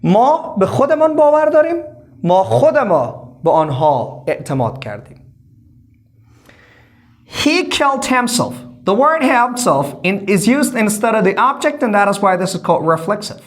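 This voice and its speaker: A man with a high, lively voice teaches a grammar lesson in two languages. He drags out his English examples and races through the explanations in between. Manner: explains slowly in English and fast in Persian.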